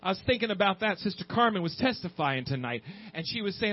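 Fast and very animated, a man whose voice sits high preaches a fervent sermon, repeating phrases and crying "Amen" to his congregation. The sermon recording is dull and muffled.

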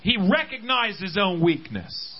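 A man's voice: big pitch swings, unhurried, slightly rough, dull audio. Preacher man, rising and falling. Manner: swings between loud rising exhortation and quiet low asides; repeats words and restarts phrases, with frequent amens. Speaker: pastor. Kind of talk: sermon. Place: church service.

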